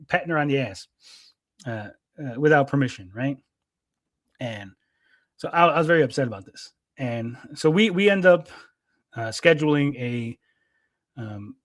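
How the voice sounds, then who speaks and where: A man's voice: mid-range voice, dry recording, clean studio sound. A man hosting a livestream, telling a long story in a rambling, agitated way, with many fillers and constant "right?" checks. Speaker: livestream host.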